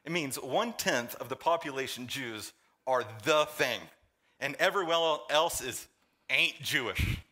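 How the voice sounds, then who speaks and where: A male pastor preaching a sermon, joking with the congregation and swinging between loud emphasis and quiet intensity. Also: medium pitch, a little slow.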